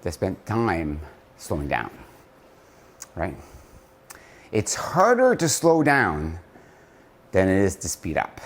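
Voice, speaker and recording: A man leading viewers through slow push-ups while counting aloud, then reflecting on slowing down, a little out of breath. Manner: reflective, drops low and soft to make points. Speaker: company founder giving a motivational talk. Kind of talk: casual motivational vlog talk.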